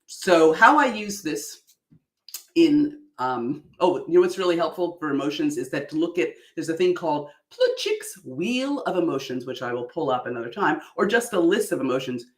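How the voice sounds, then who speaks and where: Animated woman coaching, echoey room. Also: low-pitched, normal speed. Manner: animated, exaggerated delivery with frequent laughs. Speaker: public speaking coach. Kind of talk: online workshop talk.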